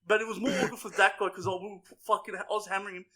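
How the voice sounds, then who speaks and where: A young podcast co-host tells crude stories full of swearing and laughter in a rowdy, casual chat. His voice is high and sharp, fairly even in intonation, and comes out rapid-fire.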